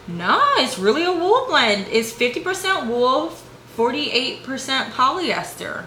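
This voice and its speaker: A young woman vlogging at home, chatting casually and slangily while shopping online, gasping and whispering when excited. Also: high-pitched, slow. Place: room at home. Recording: echoey room with faint hum.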